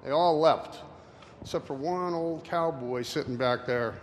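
Rambling man in a reverberant hall. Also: a little high. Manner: rambling, halting, many fillers. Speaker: presenter. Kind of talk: casual slide talk with anecdotes. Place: room with an audience. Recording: reverberant hall, faint noise.

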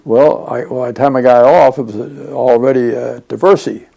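Older man, interviewee, deep mellow gravelly voice, loose rambling storyteller. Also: steady tone, normal speed. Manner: rambling, chatty with frequent fillers and laughs. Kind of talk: oral history storytelling.

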